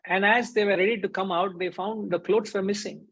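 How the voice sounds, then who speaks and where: A man's voice: high-pitched, steady tone, brisk, a bit bright, slightly rough, poor audio. A man giving a conversational spiritual discourse as a teacher, briefly acting out the voices in his stories. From India.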